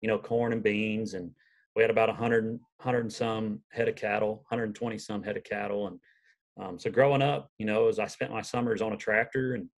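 Young male country singer, twang, lowish pitch, earnest folksy guest telling stories. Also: flat delivery, a little fast. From Southern Illinois, USA. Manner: earnest, folksy, rambling storyteller. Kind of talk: casual podcast interview.

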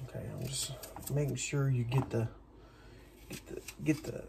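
This home cook talks in a mid-range, gravelly voice with a steady tone and moderate pace, and there's noise in the background. He rambles through casual vlog-style chat in his kitchen, self-deprecating and full of side comments.

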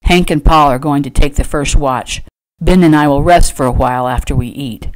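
A firm, commanding rancher man with a low, lowered voice, as a woman reading her novel puts him on. He speaks in steady, protective orders, as a storybook hero does. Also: normal speed, natural voice.

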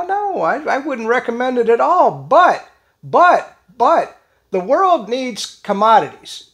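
An older man hosting his own casual vlog, talking in a rambling, folksy way with lots of restarts and chuckles. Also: sits high. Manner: chuckles often. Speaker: channel host.

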